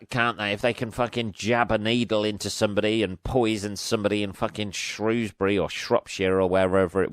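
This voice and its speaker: A man's voice: lowish voice, clear, resonant tone, no echo, studio quality. A man hosting a solo podcast, ranting casually with lots of swearing and sarcasm, laughing at his own jokes. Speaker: podcast host.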